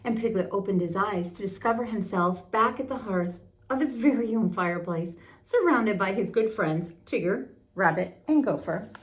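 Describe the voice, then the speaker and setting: A woman's voice: medium pitch, moderate pace. Grandmotherly woman reading a children's story. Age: older. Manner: expressive, lilting narration. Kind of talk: storybook read-aloud.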